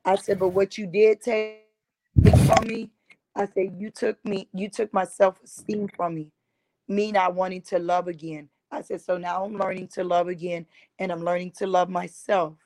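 A woman's voice: lowish voice, little pitch movement, moderate pace, a little mellow, dry recording, rough recording. A woman, a domestic violence survivor and advocate, earnestly recounting her experience, often quoting what was said. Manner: earnest retelling, quoting others with "I said". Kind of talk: emotional personal testimony.

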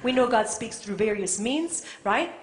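Impassioned high-voiced woman preacher. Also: lively intonation, moderate pace. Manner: impassioned, swings from soft to shouting. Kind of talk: sermon. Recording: echoey room.

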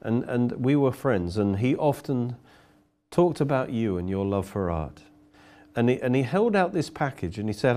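A man's voice: mid-range voice, animated, normal speed, warm tone. A man preaching a sermon, telling a story earnestly and often repeating words as he goes.

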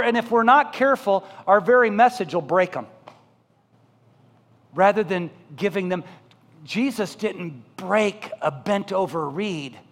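High-voiced pastor preaching in a reverberant hall. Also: male voice. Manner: preaching with swings between loud emphatic build-ups and soft slow pleas; talks directly to the congregation with questions. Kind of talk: sermon. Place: church sanctuary.

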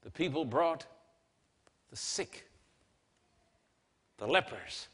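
A man delivering an emphatic sermon in a bright, somewhat high voice, rising to loud declarations and dropping to near-hushed softness. His words carry a long reverb from a large hall. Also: lively intonation, slow, husky. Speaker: preacher. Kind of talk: dramatic sermon with scripture reading.

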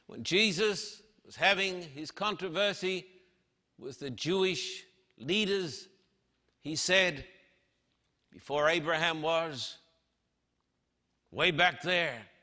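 A man preaching in a big reverberant hall, with a bright, ringing voice. He speaks very slowly and dramatically, leaning hard on quoted lines. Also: a little high. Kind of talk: sermon.

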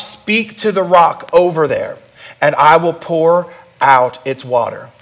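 Man preaching in a conversational sermon. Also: a little high. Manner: conversational preaching with audience prompts. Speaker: pastor.

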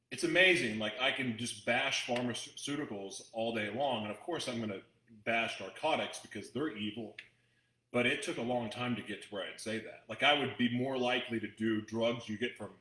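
A man's voice: mid-range voice, sharp tone, roomy sound, low-quality recording. A man hosting a talk, chatting to his audience in a rambling, emotional way with frequent restarts. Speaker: host addressing an audience. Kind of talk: casual storytelling talk.

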